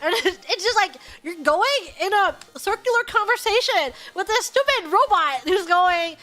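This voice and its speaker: A woman streamer chats casually and tells her stories with lively exasperation, sometimes breaking into shouts. Her voice is high and bright. Faint music plays underneath. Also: unhurried, few pauses. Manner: animated, exasperated storytelling with shouted outbursts. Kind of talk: casual stream chat, storytelling.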